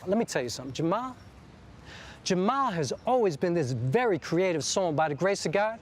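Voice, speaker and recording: Fast, high-voiced New spoken-word performer. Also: male voice, sing-song. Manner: rhythmic, poetic street-inflected delivery. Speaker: writer-performer. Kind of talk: spoken-word monologue narration.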